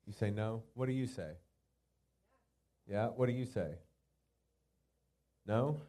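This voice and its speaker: Man, podcast co-host; warm, dark tone; playful quizmaster energy. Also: fairly low pitch, slow. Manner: teasing quiz asker. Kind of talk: casual chat.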